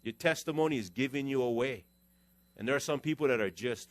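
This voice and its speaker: Animated middle-aged man preaching, dry sound. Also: medium pitch, fairly quick, no room sound. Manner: animated, conversational preaching with shifting volume. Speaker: pastor. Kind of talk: sermon.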